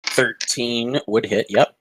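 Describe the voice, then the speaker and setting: A man narrating and running a tabletop game as game master, in a calm, deliberate way. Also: medium pitch, noisy background.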